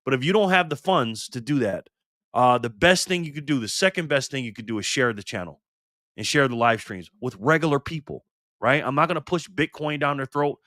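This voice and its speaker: Older guy ranting on his live stream, bright forceful voice, dry close sound, swears a lot. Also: mid-range voice, expressive, a little fast, no echo. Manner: fired-up, cursing, greets chat viewers. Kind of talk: casual live stream talk. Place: garage.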